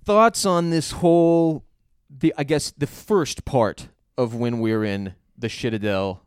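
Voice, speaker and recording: A man co-hosting a casual podcast, recapping an episode in a loose, joking way with the odd curse. His voice is smooth and resonant and sits in a middle register. The sound is dry and close. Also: medium pitch, fairly even intonation, slow pace, no room sound. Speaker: podcast co-host.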